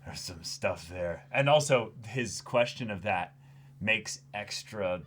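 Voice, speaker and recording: A man co-hosting an anime reaction show in casual chat, animated and acting out quoted thoughts. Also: on the low side, slow.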